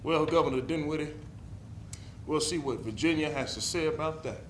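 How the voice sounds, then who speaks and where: A man's voice: fairly high pitch, moderate pace, natural voice. A man acting on a theater stage as an eager, bumbling young colonial officer who stammers and grovels politely. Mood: stung. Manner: stammering, fawning, over-polite. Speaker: stage actor. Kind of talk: live stage comedy acting. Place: theater stage with live audience. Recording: echoey live theater recording with crowd noise.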